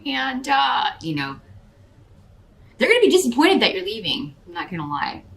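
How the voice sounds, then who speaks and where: With a higher, gravelly, somewhat bright voice and huge swings in pitch, a woman gives a casual tarot reading at normal speed, talking to the listener as a star sign. She rambles hesitantly, full of fillers and false starts, and the recording quality is low.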